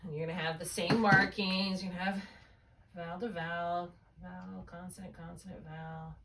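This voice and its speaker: A woman's voice: on the low side, level tone, normal speed, creaky, far from the mic, background noise. A woman tutoring a student one on one, explaining spelling rules patiently step by step and checking often that it makes sense. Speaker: reading tutor.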